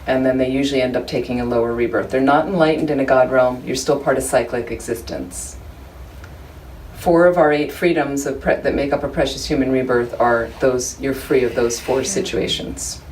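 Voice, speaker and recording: A woman's voice: a bass voice, fairly even intonation, moderate pace, a little mellow. A woman teaching a Buddhist study group in a chatty, humorous, conversational way, with many asides to her listeners. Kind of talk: informal dharma teaching. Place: room with a small group of listeners. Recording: distant room recording, faint background noise.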